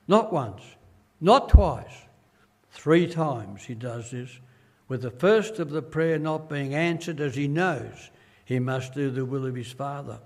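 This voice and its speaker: Slow, earnest older preacher in a hall. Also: male voice, medium pitch, a little mellow. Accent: Australian. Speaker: pastor. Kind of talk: sermon.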